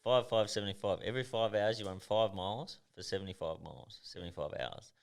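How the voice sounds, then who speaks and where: This is a professional boxer from Australia, in his thirties, guesting on a laid-back podcast. His lowish, gravelly voice moves at a quick pace as he spins lively stories, cursing openly and never mincing words.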